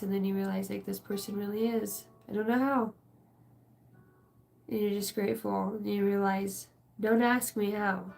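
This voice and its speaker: A woman's voice: mid-range voice, gravelly, darkish tone. A woman giving a casual channeled spiritual reading, rambling and emotional, swearing freely.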